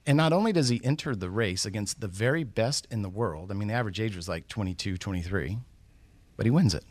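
A middle-aged guest speaker tells a motivational story, fast and animated, in a fairly low voice with no echo. He builds suspense by posing questions to his listeners.

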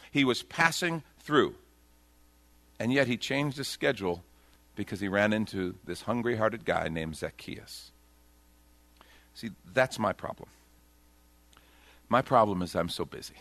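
A pastor preaching a sermon in a conversational style, joking about himself and swinging from hushed, slow lines to loud, excited ones. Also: male voice, medium pitch, no room sound.

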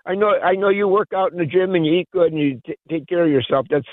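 An older man calling in to a radio show, telling jokes with frequent chuckles and halting restarts. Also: high voice, no room sound. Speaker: caller. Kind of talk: casual call-in chat. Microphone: phone. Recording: tinny phone line.

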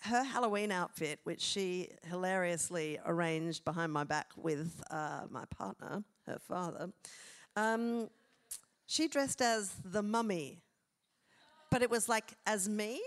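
A woman's voice: on the low side, slow. Woman, 40s, live podcast co-host; loose, chatty, rambling delivery. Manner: chatty, rambling, with many fillers and self-interruptions. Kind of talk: casual chat on stage. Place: theatre stage, live show.

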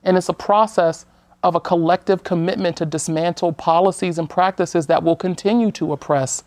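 A woman from the United States speaking as a guest on an interview show, measured and earnest, sometimes restarting her sentences. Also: lowish voice, steady tone, darkish tone, no room sound. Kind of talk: conversational talk-show interview.

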